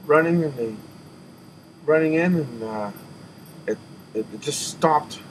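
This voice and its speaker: A man tells his testimony in an earnest, emotional way, stumbling over his words and repeating himself as he goes. His voice sits at an ordinary middle pitch, and he sighs between thoughts. A steady hiss of background noise runs under the recording. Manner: halting, with many restarts and repeated words; earnest and emotional, sighing and catching his breath. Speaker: person telling a spiritual testimony. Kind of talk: personal spoken testimony.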